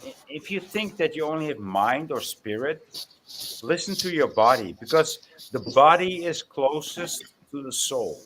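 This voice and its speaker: A man raised in South Africa, talking loosely and animatedly in a casual chat, getting louder as he goes. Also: a little high, a little hiss or hum. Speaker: co-host.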